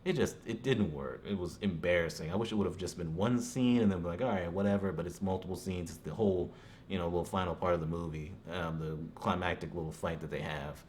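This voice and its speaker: A man's voice: low voice, quick pace, darkish tone, slight background noise. A man giving a casual, rambling movie review, full of "you know" asides and chuckling now and then.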